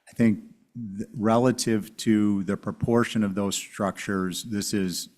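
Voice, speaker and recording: Lower-voiced man on a town commission. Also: steady tone, a little mellow. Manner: measured, polite, thinking aloud. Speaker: commission member. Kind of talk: public meeting discussion.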